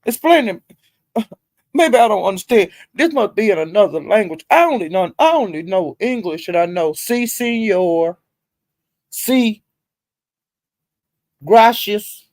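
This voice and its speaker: A woman hosting a casual livestream, calling out viewers by name, laughing often, cursing freely and swinging between loud outbursts and low mutters. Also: very animated, moderate pace, dry recording, clean studio sound. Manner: talks straight to chat viewers by name, laughs a lot, heavy cursing. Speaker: livestream host.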